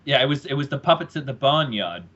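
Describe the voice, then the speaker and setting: A man co-hosting a podcast, telling a story in casual chat, excitable and swearing often. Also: mid-range voice, fast talker. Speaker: podcast co-host. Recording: dull lo-fi podcast audio.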